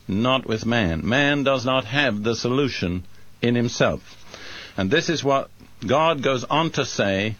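A man preaching a sermon, reading scripture and explaining it in a slow, deliberate, emphatic way. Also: medium pitch, a bit bright, dry recording. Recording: dry, dull lo-fi recording.

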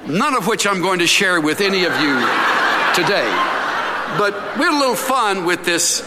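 A man's voice: sits high, moderate pace, heavy background noise. A middle-aged man preaching a conversational sermon, telling stories and acting out scenes as he goes. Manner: animated storytelling, acts out scenes. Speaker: pastor. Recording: long reverb of a large hall.

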